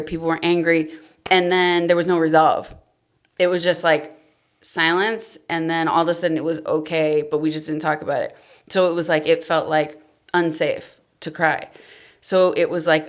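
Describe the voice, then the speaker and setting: Woman guest on a podcast, low gravelly voice, open and emotional, gets quiet. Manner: emotional, confessional, trails off softly. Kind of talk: candid personal storytelling.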